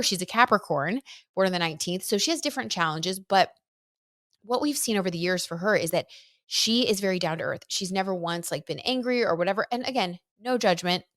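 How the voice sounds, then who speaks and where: A woman's voice: mid-range voice, fairly bright tone, no echo, studio quality. A woman hosting a casual astrology talk, chatty and effusive, with lots of "like" as she goes. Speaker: astrology and tarot host.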